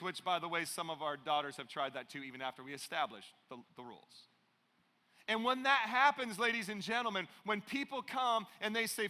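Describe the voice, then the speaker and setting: Animated pastor preaching in a reverberant church. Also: male voice, high voice, moderate pace. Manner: animated storytelling, playful asides to the congregation. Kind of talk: sermon. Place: large church auditorium. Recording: long hall reverb in a church.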